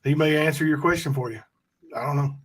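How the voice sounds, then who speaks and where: A man's voice: on the high side, quick pace. Man hosting a livestream, skeptical. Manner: interjects, skeptical, corrects details. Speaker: livestream host. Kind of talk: casual livestream chat.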